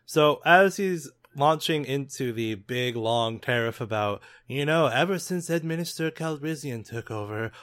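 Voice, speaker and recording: A man acting as game master, calmly making rulings and narrating a tabletop game. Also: mid-range voice, normal speed, hardly any pauses.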